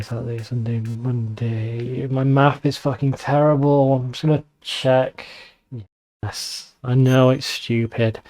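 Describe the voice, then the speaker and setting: A man with a northern English accent talks through a game in a loose, joking way. His tone is mellow and warm, and he swears freely as he mocks what he sees on screen. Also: mid-range voice. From northern England. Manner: chatty, swears freely, mocking asides. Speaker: let's play host. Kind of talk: casual gameplay commentary.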